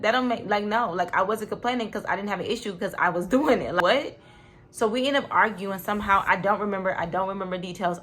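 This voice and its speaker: A young woman tells a story on her vlog at a quick clip. She talks casually, swears freely and acts out the lines of the people in her story. Faint music plays underneath. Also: medium pitch, fairly bright tone. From Detroit. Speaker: vlogger.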